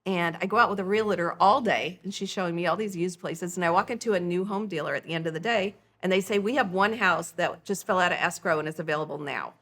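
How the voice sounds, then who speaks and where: A middle-aged woman who founded a nonprofit tells her personal story as a podcast guest, animated and acting out the quoted dialogue. Her voice is on the low side, and she talks fast with hardly any pauses.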